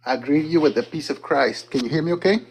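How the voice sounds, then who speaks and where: A man calling in to a debate, talking in a halting way with many stammers and restarts. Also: a little high, very noisy. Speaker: caller. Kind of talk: casual debate call.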